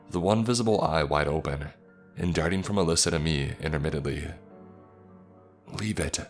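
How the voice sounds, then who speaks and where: A man narrating a first-person horror story in a slow, measured way. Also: rumbling low.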